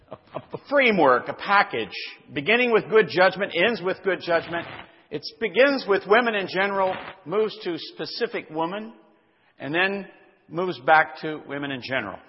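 A male pastor teaching an expository sermon, reading scripture aloud and explaining its words with deliberate care. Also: fairly high pitch, expressive. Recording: dull lo-fi sound with long hall reverb.

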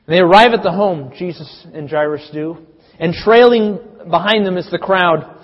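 Husky male preacher in a reverberant hall. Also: high voice, normal speed. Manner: storytelling, dramatic swings in loudness. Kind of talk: sermon. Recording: dull sound with long reverb.

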